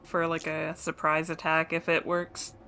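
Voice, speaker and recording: A woman's voice: low-pitched, monotone, a little slow, over a noisy crowd. A woman playing a tabletop game, asking questions and hedging with fillers. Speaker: player. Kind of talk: casual game table chat.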